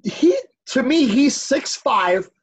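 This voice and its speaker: A man with a high, husky voice talks with friends in casual banter. He teases bluntly, and his pitch leaps around a lot as he fires back quick comebacks. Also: expressive.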